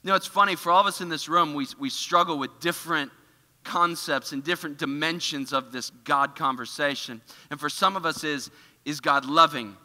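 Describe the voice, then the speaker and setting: A man giving a casual, animated storytelling sermon in a church, full of filler words. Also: on the high side, normal speed, big-room sound. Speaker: church speaker. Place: church auditorium.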